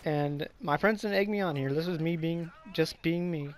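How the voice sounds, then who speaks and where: Young adult male storyteller, slightly high voice, loose and profane, filler-heavy delivery. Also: normal speed, slight background noise. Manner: rambling, profane, lots of fillers. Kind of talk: casual storytime vlog.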